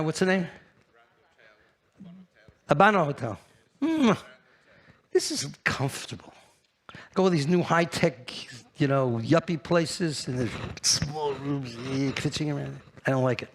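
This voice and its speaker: A brash man delivers a live conference talk from the stage. His somewhat high voice leaps into loud, high bursts and then drops low again as he keeps throwing questions at the audience. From New York. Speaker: keynote speaker at a trade fair.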